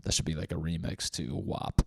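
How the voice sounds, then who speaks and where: A man's voice: low-pitched, fairly even intonation, moderate pace, gravelly, fairly bright tone, breathy edge, dry recording, clean studio sound. A young man hosting a solo podcast from his apartment, talking in a brash, joking, profane way. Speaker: podcast host. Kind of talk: casual solo podcast monologue. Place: apartment room.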